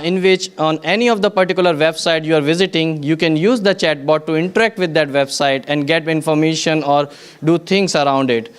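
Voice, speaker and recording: A man's voice: on the high side, clear, resonant tone. A man presenting at a tech conference, explaining step by step with frequent restarts and repeated words. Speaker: conference speaker. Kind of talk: technical conference talk. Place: conference venue.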